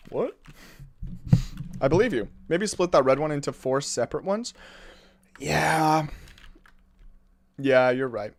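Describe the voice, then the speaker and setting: A man's voice: fairly high pitch, takes it slowly, creaky, pauses often. A man hosting a casual live stream, chatting with viewers and joking at his own expense as he builds. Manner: lively, jokey, chatty, often laughs at himself.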